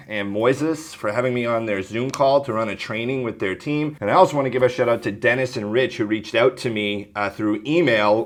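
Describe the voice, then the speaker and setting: A man coaching viewers on phone sales, talking to camera in a brisk, direct way and often clearing his throat. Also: mid-range voice. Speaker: insurance telesales trainer.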